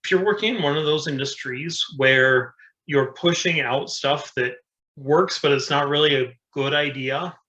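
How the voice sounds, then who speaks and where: Bright-voiced man co-hosting an engineering talk. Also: fairly high pitch, unhurried, highs cut off. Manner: plain, practical, with fillers. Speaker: co-host. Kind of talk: casual technical discussion.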